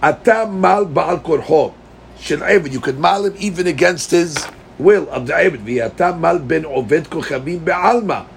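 A man's voice: a little high, vocal fry, a little hiss or hum. A man teaching a Talmud class. He reads the text in a chanting lilt, then explains it plainly and puts questions to his students. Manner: addresses students directly with questions.

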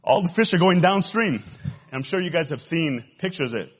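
A man with a Texan accent preaching a sermon as pastor, swinging between loud rises and quiet drops. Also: on the high side, lively intonation, a little fast, breathy edge, muffled recording. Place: church.

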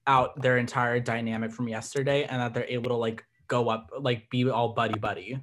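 A man's voice: medium pitch, flat delivery, brisk, a bit bright, a little hiss or hum. Chatty man recapping a show. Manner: chatty, many "like" fillers. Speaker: podcast co-host. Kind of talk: casual chat recapping a TV episode.

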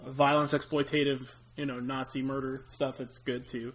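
A man's voice: mid-range voice, flat delivery, moderate pace. A young American man co-hosting a podcast, chatting casually about movies with a rambling, jokey manner and frequent laughs. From United States. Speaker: podcast co-host.

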